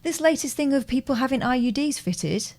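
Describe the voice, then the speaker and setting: A woman's voice: sits high, expressive, fairly quick, a little mellow. A woman co-hosting a live phone-in show, chipping in with brief, dry remarks. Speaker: co-host. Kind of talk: casual live chat.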